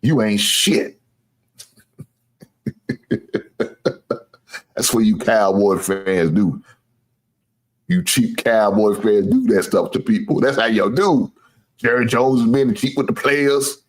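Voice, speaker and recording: A man's voice: on the low side, takes it slowly, long pauses. A man hosting a sports show, ranting casually to viewers, boastful and teasing, swearing freely and laughing at his own jokes. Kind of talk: casual trash-talking sports rant.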